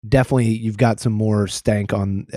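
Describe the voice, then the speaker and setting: A man's voice: fairly low pitch, steady tone, moderate pace, warm tone, no room sound, clean studio sound. Amused man telling stories on a podcast. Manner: amused, storytelling. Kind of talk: casual podcast chat.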